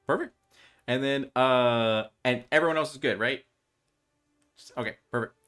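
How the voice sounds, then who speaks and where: A man in the game master's seat, narrating a tabletop role-playing game with plenty of ums and likes. His voice sits at an ordinary middle pitch for a man, and he talks at an easy, streaming-session pace. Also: measured pace, a bit bright, clear, resonant tone, faint music behind. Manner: loose, filler-heavy narration.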